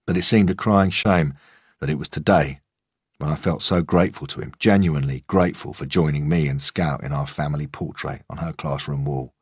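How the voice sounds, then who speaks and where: Male audiobook narrator, very low and husky, measured delivery, dry booth. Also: no room sound. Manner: calm, measured storytelling. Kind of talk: first-person audiobook narration.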